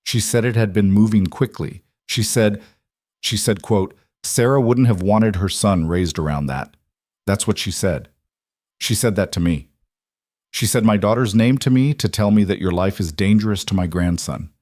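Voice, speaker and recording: A man voicing a grandmother in her sixties who speaks in a measured, controlled way while holding back tears. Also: lowish voice, darkish tone, no echo, studio quality, close to an everyday voice. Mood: strained calm.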